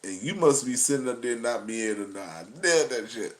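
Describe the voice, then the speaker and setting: A man's voice: mid-range voice, lively intonation, fairly quick. A man hosting a casual commentary vlog, talking animatedly with frequent profanity and laughter. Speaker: vlog host.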